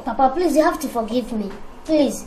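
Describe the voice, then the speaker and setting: A man's voice: very high voice, lively intonation, moderate pace, a little hiss or hum. A man with a Nigerian accent playing a cheeky, scheming boy who pleads and wheedles. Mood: bargaining. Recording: roomy echo with loud film music.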